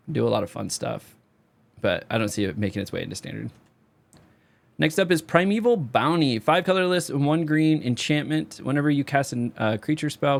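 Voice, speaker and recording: A young man rambling casually through card reviews, his voice going hoarse and straining on high notes. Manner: loose, rambling, sings a repeated catchphrase. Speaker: card game video creator.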